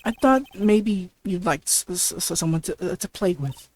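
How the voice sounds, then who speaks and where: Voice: mid-range voice, normal speed, a little hiss or hum, natural voice. A reader voicing a cocky male senior attorney who teases his junior partner, in a visual novel game. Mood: teasing. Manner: smug, teasing, with stumbles. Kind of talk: reading game dialogue aloud.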